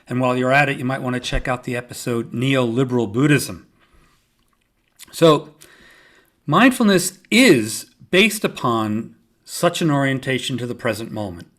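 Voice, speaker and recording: A man hosting his own podcast, explaining yoga and mindfulness in a calm, measured teaching voice with gentle humor. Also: mid-range voice. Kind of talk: solo podcast talk.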